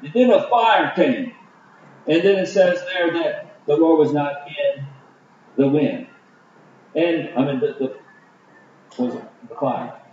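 Man, preacher, Bible study sermon, halting with fillers, far from the mic, very echoey, dull lo-fi recording. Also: fairly high pitch, a little mellow, a little hiss or hum. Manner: halting, many fillers and restarts. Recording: distant, roomy, dull lo-fi.

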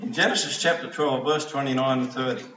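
A man's voice: medium pitch, fairly quick, bright, forceful tone, echoey room, recorded from a distance, dull audio, slight background noise. A middle-aged man preaching a sermon in a conversational storytelling way, acting out quoted voices. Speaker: preacher and school teacher.

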